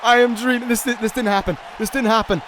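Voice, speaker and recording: High-voiced excitable man calling a game. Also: fast. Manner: excitable, pleading and shouting at the action. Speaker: YouTube gaming commentator. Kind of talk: play-by-play commentary of a wrestling video game. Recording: loud game crowd and noise behind voice. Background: video game crowd noise.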